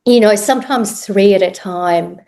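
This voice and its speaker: A middle-aged woman telling her own story as a podcast guest, reflective and halting, often pausing with "um". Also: medium pitch, gravelly, warm tone. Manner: reflective, unhurried, pauses with ums. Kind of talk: personal story in interview.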